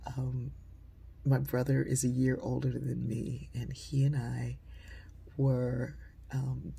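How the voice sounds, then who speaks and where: A woman telling a personal story in a conversational way, dropping into a hush when she quotes people. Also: a bass voice, gravelly, husky.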